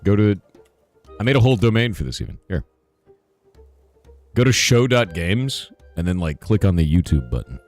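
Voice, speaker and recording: A hoarse man streaming live, answering chat in a rambling casual way with lots of "right?" asides. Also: sits low, sing-song, moderate pace, long pauses, a little mellow, soft background music. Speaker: streamer and game developer.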